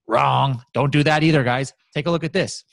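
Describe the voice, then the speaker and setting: A man walking through software results on a shared screen in casual talk, animated and excited, with many fillers and restarts. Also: mid-range voice, normal speed, vocal fry, dry recording. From United States. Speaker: guest software expert.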